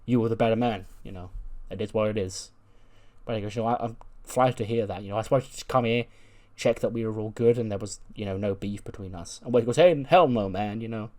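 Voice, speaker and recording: A man casually narrating a wrestling game, retelling each character's promo in quick, filler-heavy speech. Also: on the low side, steady tone, warm tone. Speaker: let's-play narrator.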